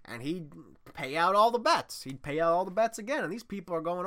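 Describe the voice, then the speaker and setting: A man hosting a casual monologue, rambling through a story and swinging from low muttering to loud excited bursts. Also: fairly quick.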